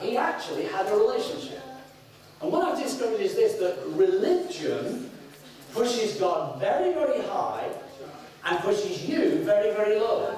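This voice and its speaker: A middle-aged man from the north of England with a Lancashire accent, preaching a sermon in an animated way with sudden whoops. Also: sits high, unhurried. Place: church hall. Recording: echoey hall, mic at a distance.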